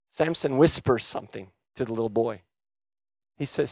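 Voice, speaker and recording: A male preacher delivers a sermon with fervent intensity, his voice rising to urgent calls and then dropping to a hushed telling. His pitch sits in the middle range. The recording is dry and close, with little room sound. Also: normal speed, dry recording. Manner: impassioned, swings from shouting to hushed.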